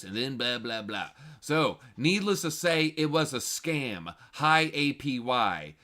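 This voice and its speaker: A man hosting a casual livestream, his voice bright and forward. He talks in slang and reads viewer chat aloud. His delivery swings from low, half-muttered asides to loud, excited outbursts. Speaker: crypto show host.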